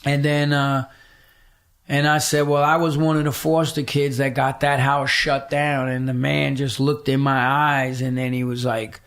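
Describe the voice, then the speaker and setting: A middle-aged man, appearing as a podcast guest, tells a story in conversation, swearing freely and acting out the voices of the people he quotes. He's profane and animated, with a mid-range voice and a slightly slow pace.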